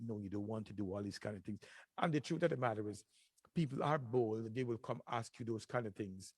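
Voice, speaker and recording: A man's voice: on the low side, a little fast, darkish tone, breathy edge, no echo, low-quality recording. Earnest talk show host man, dry sound. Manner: earnest, repetitive, many filler ums. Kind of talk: call-in talk show advice.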